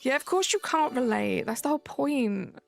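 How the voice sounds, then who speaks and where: A woman's voice: high-pitched, lively intonation, moderate pace, gravelly. A young woman live streaming at home on a desk mic, chatting casually, reading chat aloud and joking back. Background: faint game music.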